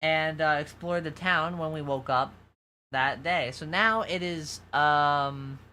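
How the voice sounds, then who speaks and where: A man with a soft, feminine-sounding voice and a slight New York accent, chatting loosely to a livestream audience. His tone is bright and forward, and he swears freely as his stories wander. A faint hum of noise sits under the voice. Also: a little high, takes it slowly. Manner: rambling, profane storytelling to chat. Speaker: VTuber streamer. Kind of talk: casual livestream chat.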